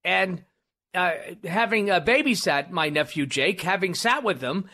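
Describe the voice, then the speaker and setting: A man's voice: sits high, expressive, a little slow, pushed and bright. A man hosting a talk radio show, rambling and self-deprecating, with lots of fillers and restarts, speaking into a studio microphone.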